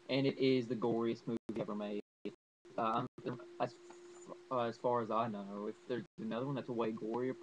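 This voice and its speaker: A man's voice: fairly low pitch, slight background noise, poor audio. A young man rambling enthusiastically through a casual horror movie review, full of fillers.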